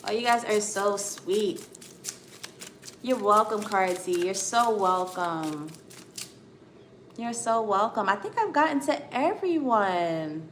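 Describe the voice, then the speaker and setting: A woman's voice: mid-range voice, expressive, a little slow. An American woman giving a tarot reading on a live stream. She reassures her viewers, calls them honey and sweetheart, and keeps checking in with "okay?". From United States. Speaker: tarot card reader. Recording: echoey room with faint background noise.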